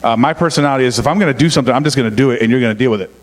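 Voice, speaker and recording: A man's voice: medium pitch, very fast, in a large hall. A middle-aged man telling family stories in a casual, joking sermon, poking fun at himself. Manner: joking, self-mocking, chatty. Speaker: pastor's son, co-preacher.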